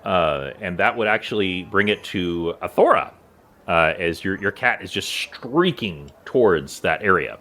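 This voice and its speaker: A man narrating as game master of a tabletop game, lively and laughing easily. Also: deep voice, unhurried.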